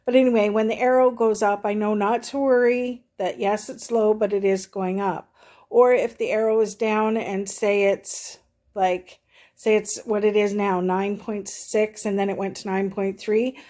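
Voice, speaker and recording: A woman's voice: mid-range voice, steady tone, normal speed, warm tone. A middle-aged woman talking in a casual, rambling vlog review, short of breath and full of fillers and restarts. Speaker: vlogger reviewing a product.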